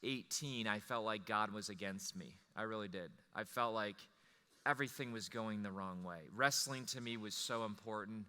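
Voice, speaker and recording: A man telling a personal story to an audience, animated and rambling, with restarts. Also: on the low side, normal speed, smooth, big-room sound. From Wisconsin.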